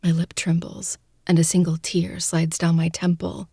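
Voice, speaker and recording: Audiobook narrator, woman, low, dark and gravelly, dry close sound. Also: level tone, measured pace, few pauses, no room sound, soft background music. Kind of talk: first-person audiobook narration.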